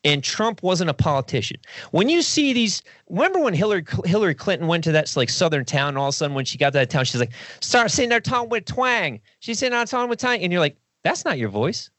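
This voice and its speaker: A man talking casually on a podcast, rambling and profane, jumping into quick impressions of other people. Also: high voice, expressive, a bit bright, dry recording. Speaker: podcast guest.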